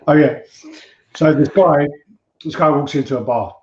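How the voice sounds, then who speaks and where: A man's voice: a little high, normal speed, a little hiss or hum. A man co-hosting a casual livestream chat about collectibles. He rambles, swears and tells jokes. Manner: rambling, swearing, joke-telling. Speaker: co-host. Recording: muffled, roomy stream audio.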